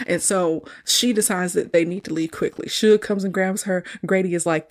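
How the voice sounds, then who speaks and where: A woman's voice: lowish voice, moderate pace, hardly any pauses. Woman podcast host retelling a movie scene, chatty, laughy, says y'all a lot. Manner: chatty, laughs often, addresses listeners as y'all. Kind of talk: casual film review recap.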